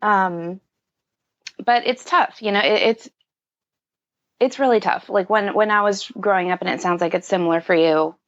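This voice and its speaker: Appearing as a podcast guest, a woman in her thirties reflects candidly in casual conversation at a normal speed, her voice mid-range and broken by long pauses. Fillers crop up often, and the recording sounds dull and lo-fi.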